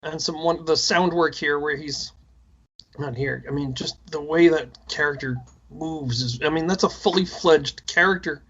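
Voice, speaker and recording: Bright-voiced excitable man, lo-fi podcast. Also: a little high, moderate pace, husky. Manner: enthusiastic, rambling, self-deprecating. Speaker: podcast co-host. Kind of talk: casual movie commentary chat.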